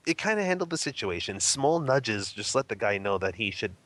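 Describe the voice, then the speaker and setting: A man telling an anecdote in a casual, animated way, laughing often and acting out what people said. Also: on the low side, fairly quick. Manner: animated, laughing often, acts out quoted lines. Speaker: interview guest. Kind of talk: casual storytelling.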